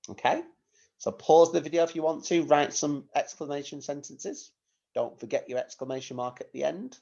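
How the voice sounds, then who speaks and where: A male primary school teacher delivers a recorded lesson to young children, giving clear, patient instructions and posing rhetorical questions. His fairly high, mellow voice is fairly even in intonation at a normal speed, on a dull lo-fi recording.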